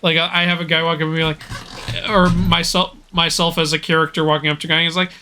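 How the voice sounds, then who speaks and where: Bright-voiced joking male streamer. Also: on the high side, level tone, fast. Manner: joking, laughing often, acts out quotes. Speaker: streamer and host. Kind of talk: casual gaming chat.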